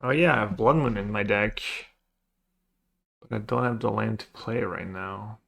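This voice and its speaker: A man's voice: lowish voice, moderate pace, creaky, fairly bright tone. A man casually commenting on his own card game, muttering and thinking aloud as he plays. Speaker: streamer playing a card game.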